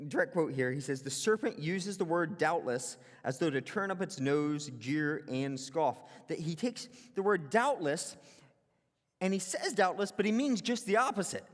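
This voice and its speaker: A man delivers a casual, animated sermon from a church hall, his voice sitting high for a man. The room's long reverb trails after every phrase. He keeps it conversational, dropping into quoted voices as he goes. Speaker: pastor.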